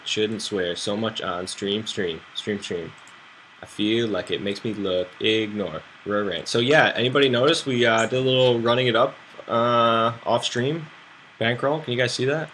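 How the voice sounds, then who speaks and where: Man, from the United States, poker stream commentary, lowish pitch, tense edgy tone, rambling, self-mocking, thinking aloud. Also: a bit bright, slight background noise. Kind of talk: live game commentary.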